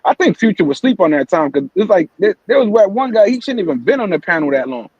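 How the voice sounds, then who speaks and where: A man with a high voice hosts a casual live-stream morning show. He rants heatedly and swears freely. The sound is dry and a bit dull, with the highs rolled off. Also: sing-song, fast talker, darkish tone, slightly rough, no echo. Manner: profane, heated ranting. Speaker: host.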